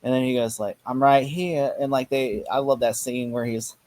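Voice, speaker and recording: A man's voice: mid-range voice, level tone, moderate pace, darkish tone, no echo. A man hosting a casual chat, animatedly acting out lines from scenes, with many fillers. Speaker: podcast host.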